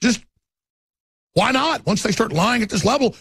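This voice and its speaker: A man's voice: very high voice, expressive, normal speed, fairly bright tone, husky, no room sound. A man hosting a talk radio show, ranting in a fiery monologue. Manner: ranting, mocks opponents in put-on voices.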